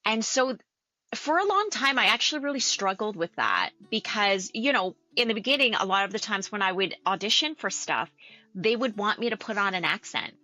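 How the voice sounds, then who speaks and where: A Canadian woman, an actor and coach, speaking in a casual interview in an animated, chatty way and often laughing. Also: mid-range voice, normal speed, dry recording, muffled recording. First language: English.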